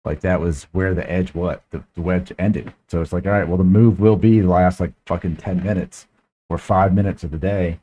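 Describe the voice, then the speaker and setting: A man's voice: low-pitched, steady tone, normal speed, mellow, a little hiss or hum. A man hosting a podcast, telling a frustrated, profane story in casual chat. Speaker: podcast host.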